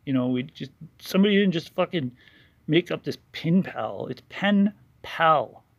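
Gravelly, profane ranting man. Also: a little high, expressive, unhurried, no room sound, lo-fi sound. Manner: angry, sarcastic, heavy swearing. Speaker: YouTuber narrating over a video. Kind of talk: profane ranting voice-over commentary.

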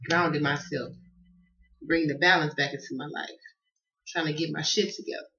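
Southern lady doing a tarot reading, swearing a lot, sharp bright voice, muffled lo-fi sound. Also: deep voice, fairly even intonation, moderate pace. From Southern United States. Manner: profane, emphatic, slangy and affectionate. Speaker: tarot card reader. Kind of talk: casual tarot reading monologue. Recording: dull lo-fi audio.

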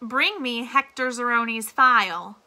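A woman's voice: fairly high pitch, a little slow. A woman reading aloud and voicing a hysterical, furious woman camp warden. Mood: commanding. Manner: yelling, nearly hysterical.

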